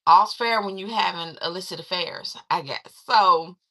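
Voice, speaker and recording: A woman chatting through a casual movie recap, acting out quoted lines in a lively, conversational way. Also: fairly low pitch, normal speed. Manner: chatty, animated retelling with quoted voices. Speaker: film reviewer.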